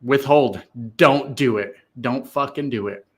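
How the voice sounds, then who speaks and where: Profane, excitable man streaming. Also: medium pitch, a little slow, breathy edge. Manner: profane, emphatic, gets loud and excited. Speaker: livestream host reading chat comments. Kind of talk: casual political livestream chat.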